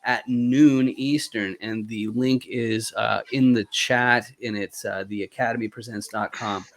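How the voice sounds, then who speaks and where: A man hosting a casual panel chat, joking and relaxed as he makes announcements. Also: mid-range voice, unhurried.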